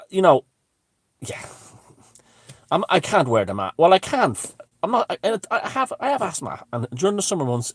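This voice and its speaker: A man spins a casual story in a lively, up-and-down voice, swearing freely and circling back on his own words. The sound is close and dry. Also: on the high side, no room sound. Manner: rambling, heavily profane, many restarts. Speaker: vlogger.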